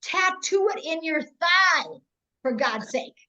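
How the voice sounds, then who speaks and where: High-voiced blunt woman coaching sales. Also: expressive, takes it slowly, pushed and bright. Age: 40s. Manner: blunt, emphatic tough-love talk. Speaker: network marketing trainer. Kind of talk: motivational business training. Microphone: video call. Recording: dull, muffled video-call audio.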